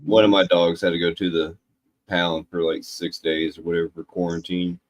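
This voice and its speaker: A man in casual chat as a guest on a stream, speaking in a relaxed, hesitant way. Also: sits low, normal speed.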